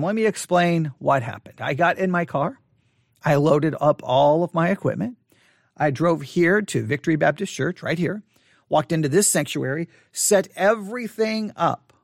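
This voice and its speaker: A man, talking earnestly and haltingly to his online audience in an empty church sanctuary, repeating words as he goes. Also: high voice, no room sound, clean studio sound. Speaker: online Bible teacher. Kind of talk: personal monologue to an online audience.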